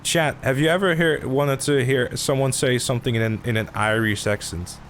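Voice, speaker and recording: A man's voice: medium pitch, normal speed, fairly bright tone, slight background noise. Teasing male streamer, swears freely. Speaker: streamer host. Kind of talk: casual live stream chat. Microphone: streaming mic through a mixer.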